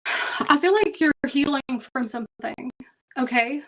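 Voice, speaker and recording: A woman's voice: sits high, lively intonation, a little slow, background noise. A woman doing a tarot reading for her viewers, chatty and emphatic, often checking in with "okay" and "y'all". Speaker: tarot reader.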